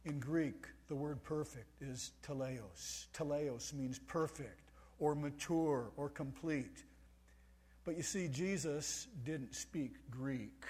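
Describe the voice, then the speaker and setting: Male preacher, sermon delivery, slow and emphatic, slightly raised pitch. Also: breathy edge. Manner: emphatic, swings between soft and loud for stress.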